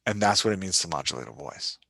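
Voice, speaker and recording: A Louisiana man with a lingering Southern accent hosts a solo podcast teaching writing, speaking low, fast, and animated with vocal fry and a pushed, bright tone. He's self-deprecating and keeps checking in with "right?", recorded dry.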